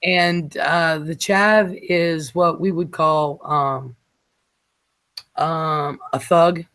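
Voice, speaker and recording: A man hosting a late-night casual chat show, rambling and halting with fillers as he talks. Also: on the high side, steady tone, pushed and bright. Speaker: show host.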